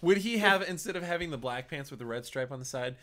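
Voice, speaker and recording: A man with a bright, ringing voice co-hosting a podcast. He talks with lively ups and downs in pitch, running with each joke and spelling out the context behind it. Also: fast. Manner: animated, explains jokes at length. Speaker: podcast co-host and editor. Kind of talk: casual comedic chat.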